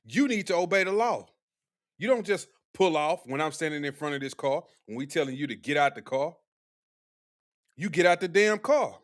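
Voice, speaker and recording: A man's voice: fairly high pitch, animated, moderate pace. A young man doing live-stream commentary, talking bluntly and combatively to his chat with heavy slang. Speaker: livestream commentator.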